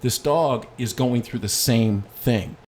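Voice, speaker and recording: A middle-aged man talks through a dog-training lesson in a relaxed, conversational way. He mixes explanation with lively personal stories at an even middle pitch, over a faint hiss of background noise. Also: slow. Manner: storytelling with lively anecdotes. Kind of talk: casual instructional talk.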